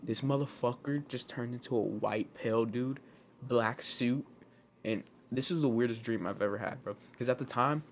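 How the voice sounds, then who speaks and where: Animated young man telling a story. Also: medium pitch, normal speed, slight background noise. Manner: animated, profane, says "bro" constantly. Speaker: podcast co-host. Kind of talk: casual storytelling.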